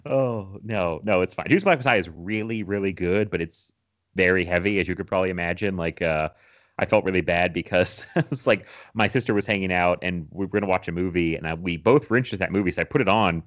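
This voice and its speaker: A man's voice: sits low, fast talker, muffled recording. A young man co-hosting a podcast, chatting casually about movies, rambling with restarts and laughing often. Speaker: podcast co-host.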